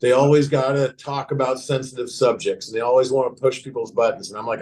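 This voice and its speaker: A man's voice: medium pitch, fairly even intonation, quick pace, hardly any pauses, a little mellow, poor audio. A man in his fifties, a tattoo shop owner, talking in a laid-back way on a podcast, often trailing off. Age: 50s. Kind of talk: casual podcast chat.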